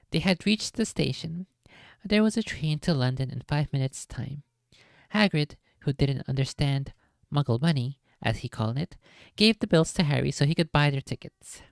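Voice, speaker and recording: Woman streamer reading aloud; low, casual, jokey, swears in asides, dry close sound. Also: moderate pace, vocal fry, no echo.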